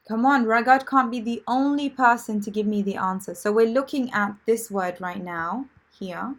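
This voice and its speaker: A woman's voice: on the high side, moderate pace. A woman teaching English vocabulary in a live online lesson, chatty and encouraging, with many fillers and restarts.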